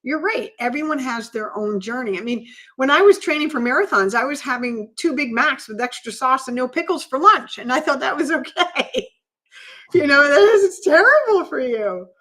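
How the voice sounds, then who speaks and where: A woman with a fairly high voice speaks on a podcast as a coach. She talks in an earnest, reflective way in relaxed conversation. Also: normal speed. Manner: earnest, reflective, shares personal stories.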